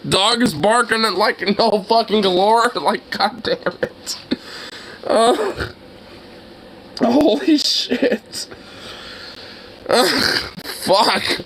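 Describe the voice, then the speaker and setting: An excitable young man hosts a reaction video, laughing and swearing through loud exclamations. His voice sits high and sounds bright and forceful. He drags his words out at an unhurried pace. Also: slight background noise.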